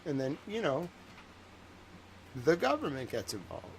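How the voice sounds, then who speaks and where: Animated man rambling on stream. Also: medium pitch, a little slow, gravelly, a little hiss or hum, rough recording. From Massachusetts. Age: 30s. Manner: animated, swings from muttering to excited bursts; boastful, joking storyteller. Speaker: livestream host. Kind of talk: rambling livestream monologue.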